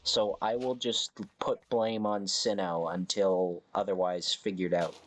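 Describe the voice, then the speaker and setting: Male streamer, unhurried chatty commentary, rambling self-corrections. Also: low voice, fairly even intonation. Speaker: game streamer. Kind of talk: casual live game commentary.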